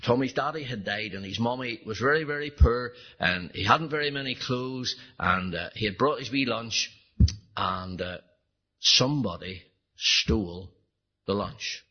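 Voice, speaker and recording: A man's voice: lowish voice, a little slow, slightly rough, dull audio. A man preaching an evangelistic sermon, telling a story and then pleading earnestly with his listeners.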